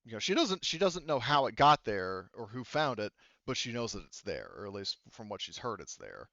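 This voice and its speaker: A man's voice: fairly low pitch, very animated, normal speed, gravelly, a bit bright, dry recording. A man running a tabletop game as game master, explaining things in a rambling way with many fillers. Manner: rambling, lots of fillers and restarts. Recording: dull lo-fi online call audio.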